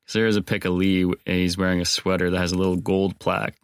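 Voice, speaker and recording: A man's voice: low-pitched, flat delivery, quick pace, clear, resonant tone, no room sound. A man hosting a podcast on his own, talking casually and cracking dry jokes to his listeners. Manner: wry, joking asides. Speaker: podcast host.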